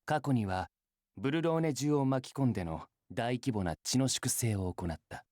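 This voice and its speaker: A man's voice: mid-range voice, lively intonation, darkish tone, dry recording, clean studio sound, natural voice. A man narrating as a grave official reading a crime report. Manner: solemn, measured. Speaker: game narrator. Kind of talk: scripted dramatic narration.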